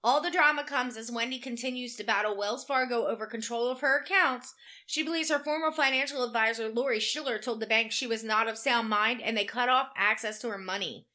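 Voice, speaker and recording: A woman's voice: a little high, brisk, sharp tone. A woman co-hosting a casual chat, reading gossip items aloud and adding blunt, frank remarks of her own. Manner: blunt, reads items then adds frank asides. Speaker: co-host.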